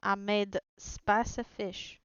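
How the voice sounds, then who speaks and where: A woman's voice: mid-range voice, little pitch movement, slow, smooth, no echo, highs cut off. A woman in tabletop role-play, speaking cheerfully in character as a ship's captain. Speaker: player as ship captain.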